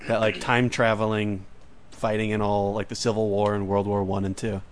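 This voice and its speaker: A man's voice: lowish voice, flat delivery, normal speed. A man co-hosting a podcast, joking sarcastically in casual chat. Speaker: podcast co-host.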